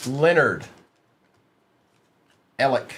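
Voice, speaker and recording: A man's voice: mid-range voice, big pitch swings, extremely slow, fairly bright tone, slight background noise. A man hosting a live sports card break, reading out player names from the pulls and chatting casually with viewers in the stream chat.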